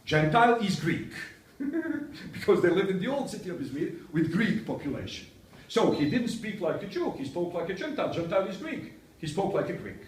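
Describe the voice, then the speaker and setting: A male university lecturer telling humorous anecdotes to a touring group, chuckling often. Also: on the high side. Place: indoor museum hall. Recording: echoey room, distant mic, faint ambience.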